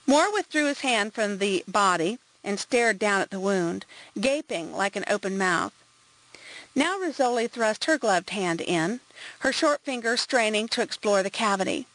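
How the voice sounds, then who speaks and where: A woman narrating an audiobook in an even, composed reading voice. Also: medium pitch, a little slow, low-quality recording. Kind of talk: scripted narration.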